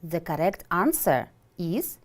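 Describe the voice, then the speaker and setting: A woman teaching an English vocabulary lesson for television, pronouncing every word slowly and deliberately. Her pitch rises and falls lively as she asks questions and then answers them herself. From Kyrgyzstan. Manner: slow, deliberate, clearly enunciated.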